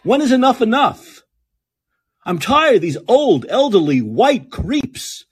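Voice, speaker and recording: This podcast host speaks slowly in a very high, breathy, sing-song voice. The content is a political rant, angry and sarcastic, packed with profanity.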